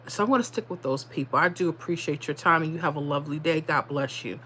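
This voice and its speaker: A woman's voice: sits low, fast talker, hardly any pauses, pushed and bright, a little hiss or hum. A woman hosting a casual livestream, talking straight to her viewers in a blunt, motivational way and often repeating herself. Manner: repeats herself, drops into dialect. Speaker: livestream host.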